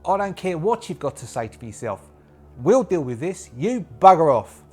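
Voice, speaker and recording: A man voicing a gruff, blustering male major in a clumsy mock Australian accent, blunt and loud. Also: on the high side, very animated, normal speed, voice pushed up. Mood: dismissive. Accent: mock Australian, poorly done.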